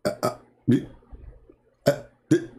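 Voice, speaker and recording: A man's voice: slow pace, warm tone. A man from the Middle East with an Arabic accent and broken English grammar, ranting in a sarcastic, mocking monologue. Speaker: religious debate commentator.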